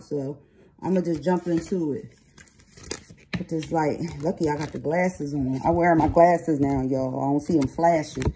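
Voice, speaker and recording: A woman's voice: on the low side, darkish tone, slight background noise, rough recording. A woman giving a casual tarot reading to her viewers, talking bluntly and swearing freely. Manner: blunt, profane, streetwise talk. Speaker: tarot reader.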